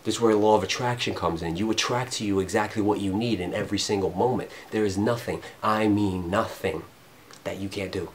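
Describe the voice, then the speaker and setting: Man, fairly low voice, loose spiritual rant, curses a lot, loud bursts then quiet mutters. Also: fairly even intonation, fairly quick, a little hiss or hum. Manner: rambling, profane, swings between loud emphasis and low mutters. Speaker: vlogger.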